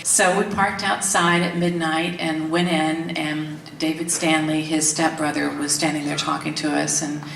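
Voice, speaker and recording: Low-voiced woman telling a story. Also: a little slow, vocal fry, few pauses. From Tennessee, US. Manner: animated, laughs often, acts out quotes. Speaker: interviewee. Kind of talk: candid storytelling interview. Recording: roomy, distant mic, faint background hiss.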